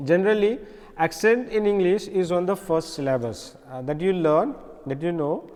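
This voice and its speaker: A man with an Indian accent gives a classroom lecture in a fairly high voice. He explains patiently, repeating key words and pausing often with fillers. His voice carries a long reverb. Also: a little mellow. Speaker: English teacher.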